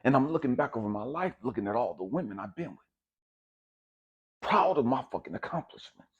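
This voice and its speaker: A man giving a raw, profane personal testimony, swinging between hushed and loud. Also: medium pitch, lively intonation, a little fast, husky, dull audio. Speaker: speaker sharing a personal testimony.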